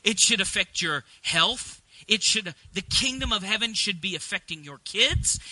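A middle-aged man delivers a sermon in a high, ringing voice. He moves between relaxed, chatty storytelling and emphatic preaching, and the sound is close and dry. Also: moderate pace, hardly any pauses, no room sound, poor audio. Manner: conversational, rising to emphatic preaching. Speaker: pastor.

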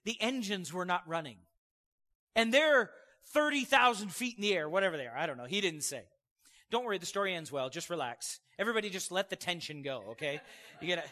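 A man's voice: high-pitched, brisk. A male pastor preaching a sermon, telling stories with energy and calling out "amen" to his congregation. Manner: storytelling, animated, calls "amen" to congregation. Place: church sanctuary.

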